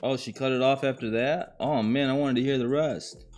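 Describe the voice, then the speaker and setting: A man's voice: mid-range voice, fairly even intonation, moderate pace, darkish tone, soft background music. A man hosting a live-streamed podcast, joking and reacting to clips in a casual, slangy way. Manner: uses slang and swearing. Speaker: podcast host.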